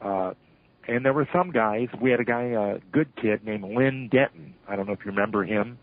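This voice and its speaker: A man's voice: on the low side, moderate pace. Older man telling stories over a tinny phone line. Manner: animated storyteller who acts out shouted quotes. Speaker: retired wrestling referee, interview guest. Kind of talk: storytelling interview.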